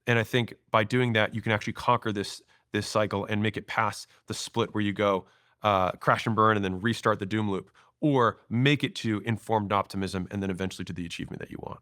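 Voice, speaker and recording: A man in his thirties, a podcast guest, telling stories and acting out quoted lines in an animated way. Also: lowish voice, fairly quick, no echo, studio quality. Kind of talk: storytelling interview talk.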